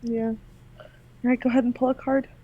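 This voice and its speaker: A woman running and playing in a tabletop game, explaining things in a relaxed way. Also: on the high side, a little fast, muffled recording. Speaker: game master.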